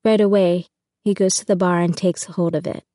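A woman narrating a first-person audiobook in an even, intimate storytelling manner. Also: on the low side, moderate pace, dry recording, clean studio sound.

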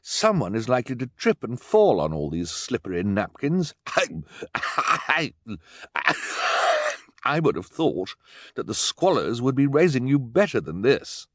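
A man's voice: medium pitch, sing-song, a little slow, no room sound, voice pushed up. Male reader as stammering scold of a banker, fussy, dry.

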